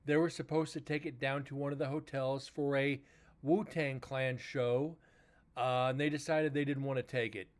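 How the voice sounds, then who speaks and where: A man's voice: mid-range voice, fairly even intonation, moderate pace. A tired man hosting a livestream, chatting casually to viewers and retelling a work dispute with filler words and swearing. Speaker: livestream host. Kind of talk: casual chat to stream viewers.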